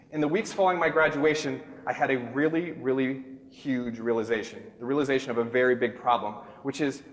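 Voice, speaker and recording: A man in his thirties telling a comic story to a crowd at a talk, animated and self-mocking, sometimes jumping into a high squeak to act out other people. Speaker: keynote speaker. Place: large hall. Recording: echoey hall with long reverb.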